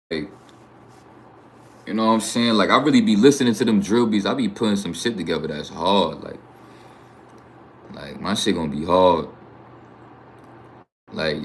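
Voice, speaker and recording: Low-voiced New York man, boastful. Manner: boastful, slang-heavy, profane. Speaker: YouTube livestreamer. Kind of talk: casual livestream chat.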